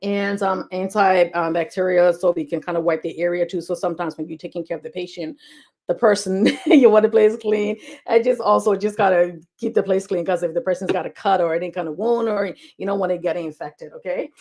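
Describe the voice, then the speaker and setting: A woman health educator talking fast and casually to camera, repeating key points with lots of fillers. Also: lowish voice, steady tone, darkish tone. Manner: talks fast.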